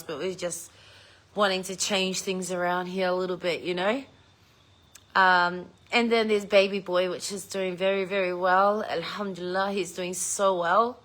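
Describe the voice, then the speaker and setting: A woman's voice: mid-range voice, fairly bright tone. A middle-aged woman, chatting casually with viewers, telling a story and swearing freely. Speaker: vlogger chatting live with viewers. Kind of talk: casual chat.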